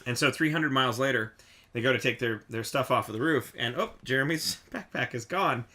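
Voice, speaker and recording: A man hosting a podcast, chatting casually and telling lively stories. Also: mid-range voice, brisk. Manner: animated storyteller, shouts in re-enactments. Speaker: podcast host. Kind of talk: casual chat.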